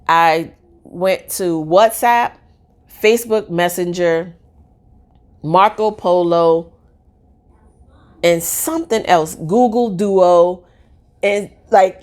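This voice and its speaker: Excitable rambling woman telling a story. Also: mid-range voice. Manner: rambling, excitable, many fillers. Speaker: mother telling a personal story. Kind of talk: casual storytelling.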